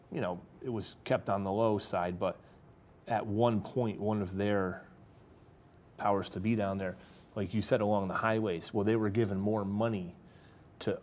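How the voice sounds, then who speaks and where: A man, a farmer speaking as a guest on a local talk show, earnest and halting, often restarting his sentences. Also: on the low side, a little mellow, a little hiss or hum. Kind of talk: casual interview talk.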